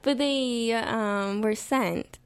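A woman's voice: a little high, extremely slow, smooth. A woman from the United States, a podcast guest, telling a rambling story in casual chat with many fillers. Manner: chatty storytelling with frequent fillers and laughs.

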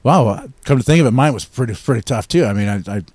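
Fast-talking man telling a wild story. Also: medium pitch, no room sound. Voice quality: crude, profane. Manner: animated storytelling, acts out quoted voices loudly. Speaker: guest storyteller. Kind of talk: casual podcast chat.

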